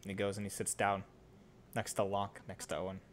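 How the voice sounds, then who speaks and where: A man narrating a tabletop game as game master, talking in a relaxed, casual way. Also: fairly low pitch, fairly quick, a little hiss or hum. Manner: relaxed, casual, many fillers.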